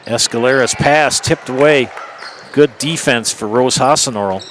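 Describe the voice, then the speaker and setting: A man calling a high school basketball game play-by-play, brisk, and rising for big plays. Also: a bit bright, slight background noise. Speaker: play-by-play announcer.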